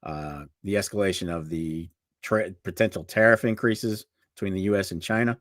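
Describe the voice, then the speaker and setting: A man's voice: low-pitched, steady tone, fairly bright tone, no room sound, studio quality. A man co-hosting a casual livestream chat, reading out market prices and talking loosely with his partner. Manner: chatty, reads market prices off quickly. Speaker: co-host of a livestream show.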